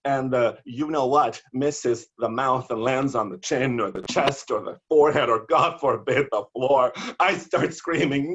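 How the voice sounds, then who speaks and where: A man performing bawdy comic poetry over a video call, theatrical and given to shouted punchlines. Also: mid-range voice, measured pace, few pauses, highs cut off. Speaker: poet.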